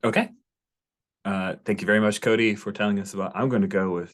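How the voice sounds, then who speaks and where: A man's voice: fairly low pitch, steady tone, fast. A man acting as game master of an online tabletop game, eager and enthusiastic.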